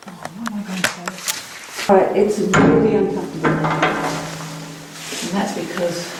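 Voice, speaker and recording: A woman hosting a live ghost hunt in a dark stone prison cell, chatting nervously to her viewers. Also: on the low side. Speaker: paranormal investigator and host. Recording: very echoey stone room with hiss.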